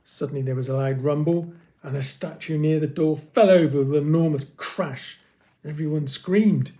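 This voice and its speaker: A man reading a children's story aloud with expressive, dramatic pauses. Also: fairly high pitch.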